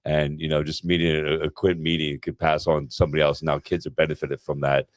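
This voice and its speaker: A man's voice: very deep voice, little pitch movement, fast, no echo, studio quality. A middle-aged man co-hosting a casual podcast, joking and then speaking earnestly and with heart. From New Jersey. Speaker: co-host.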